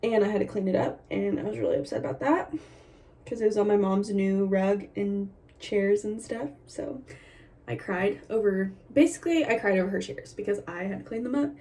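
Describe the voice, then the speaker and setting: A woman's voice: medium pitch, moderate pace, mellow. A young woman giving a candid, chatty pregnancy update to a camera on a tripod at home, laughing through her complaints and a little short of breath. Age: young adult. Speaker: vlogger. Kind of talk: casual pregnancy update vlog. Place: indoors at home.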